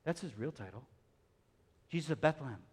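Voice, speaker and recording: A man preaching a sermon as pastor, acting out quoted voices and swinging between hushed, quiet stretches and loud bursts. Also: a little high, lively intonation, a little fast, breathy edge.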